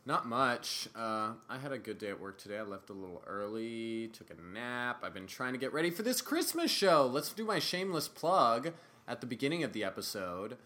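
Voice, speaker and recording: A man's voice: medium pitch, sing-song, normal speed, sharp tone. A young man co-hosting a podcast, teasing and sarcastic in casual banter. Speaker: podcast co-host.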